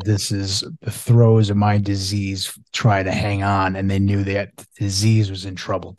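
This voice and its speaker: A man's voice: fairly low pitch, a little mellow, no echo. A male podcast host telling a personal story in a casual, eager and emphatic way.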